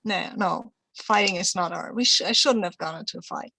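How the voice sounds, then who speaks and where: A woman's voice: on the low side, brisk, gravelly, bright, forceful tone, no room sound. A woman playing in a tabletop role-playing game, chatting casually and making fun of her own choices. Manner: chatty, self-deprecating. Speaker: player. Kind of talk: casual chat.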